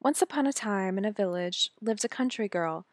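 A woman narrating a fairy tale in a gentle, measured reading voice. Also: medium pitch, lively intonation, no echo, studio quality. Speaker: storyteller. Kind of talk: scripted storybook narration.

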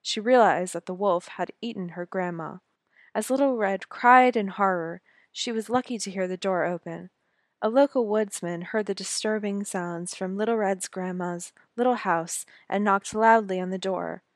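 A woman narrating a fairy tale in a gentle, measured reading voice. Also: mid-range voice, no echo, clean studio sound. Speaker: storyteller. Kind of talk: scripted storybook narration.

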